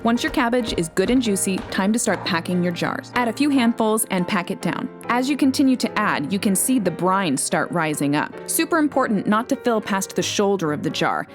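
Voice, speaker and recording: A woman narrates a cooking tutorial in voice-over, explaining each step plainly and evenly. Her pitch sits in the middle of the range. Faint music runs behind her voice. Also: a little fast, hardly any pauses. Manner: clear, steady, step-by-step explaining. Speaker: cooking show host. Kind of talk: instructional recipe voice-over.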